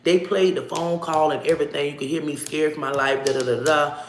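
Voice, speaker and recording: A woman telling a personal story to camera in a casual, animated way, swearing freely and acting out what people said. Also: low-pitched, brisk, roomy sound, slight background noise. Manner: animated, profane, acts out dialogue.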